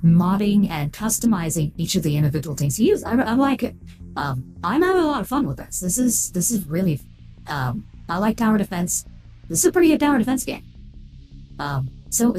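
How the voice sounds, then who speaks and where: A woman's voice: on the low side, mellow. A woman streaming a game through a voice-changer filter, chatting casually, thanking followers and reading chat aloud. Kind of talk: casual live-stream chat while playing.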